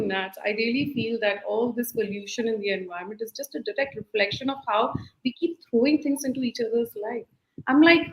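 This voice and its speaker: Animated woman coaching parents. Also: fairly high pitch, reverberant, rough recording. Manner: animated, acts out quoted voices, repeats key phrases. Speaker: life skills coach, guest. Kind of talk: earnest advice talk in a live-streamed interview.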